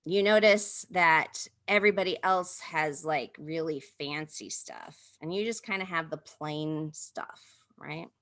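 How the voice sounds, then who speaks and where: A woman pastor speaks straight to her listeners and draws them into a story told in the second person. Her voice is bright and clear but pitched on the low side. She talks intimately and loosely, with plenty of "you know" and "like", and the sound comes through a video-call mic. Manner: intimate, vivid, with many fillers.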